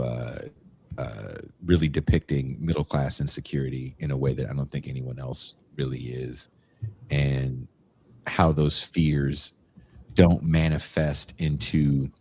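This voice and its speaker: A man hosting a podcast in casual chat, animated and joking, quick to laugh. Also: very deep voice, slight background noise. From United States. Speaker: podcast host.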